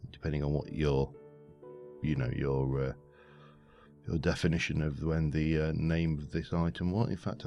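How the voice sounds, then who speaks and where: A man's voice: extremely low pitch, vocal fry, mellow, lo-fi sound. A man giving rambling, muttering commentary while playing a game. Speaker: let's play host. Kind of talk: casual gameplay commentary. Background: faint background music.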